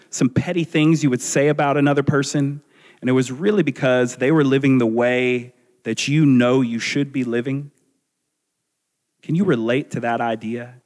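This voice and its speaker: A man preaching a sermon as a pastor, earnest and measured, asking his listeners rhetorical questions. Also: mid-range voice. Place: church sanctuary. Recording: long reverb of a large hall.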